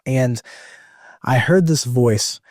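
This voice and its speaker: A man's voice: mid-range voice, slow pace, a little mellow, dry recording, clean studio sound. Emotional young man sharing his testimony. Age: 20s. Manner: rambling, many fillers and restarts, emotional. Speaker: evangelist guest. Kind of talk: personal testimony in conversation.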